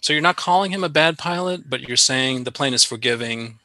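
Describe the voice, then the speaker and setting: A man's voice: mid-range voice, brisk, bright, forceful tone, no room sound, low-quality recording. A man hosting a podcast in casual chat, playful and mock-serious, often laughing. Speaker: podcast host.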